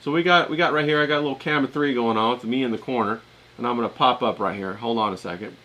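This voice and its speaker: Racing along in a pushed, bright, medium-pitched voice, the livestream host chats loosely with his viewers. He has what he himself calls a hillbilly Southern US accent.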